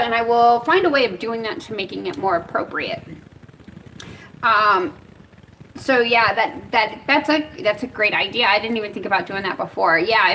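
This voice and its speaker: A woman's voice: on the high side, a bit bright, far from the mic, slight background noise, poor audio. An American woman talking casually in a rambling way as she reviews cannabis products outdoors. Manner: chatty, rambling, easily startled. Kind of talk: casual vlog talk. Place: outdoors in Arizona.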